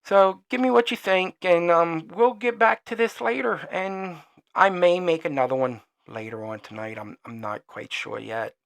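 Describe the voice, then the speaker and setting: A man hosting his own podcast, speaking in a heated, profane and rambling rant, and he gets quieter as he signs off. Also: high voice, moderate pace, creaky. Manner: trails off quieter when signing off. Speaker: podcast host. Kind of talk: solo opinion rant.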